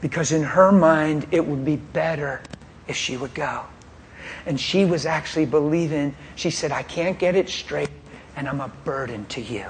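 A man's voice: a little high, a little hiss or hum. A man preaching a testimony in a pointed, straight-talking way, telling his story with animation and frequent laughter. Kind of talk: sermon testimony.

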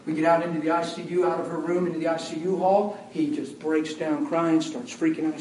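A man preaching a sermon as an animated storyteller, swinging between loud bursts and hushed asides. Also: fairly high pitch, quick pace, hardly any pauses, slight background noise. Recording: echoey hall from far off.

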